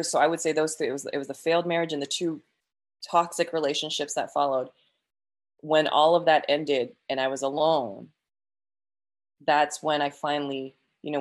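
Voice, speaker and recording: A woman sharing an emotional personal faith testimony, earnest, with frequent restarts and quoted prayers. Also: low-pitched.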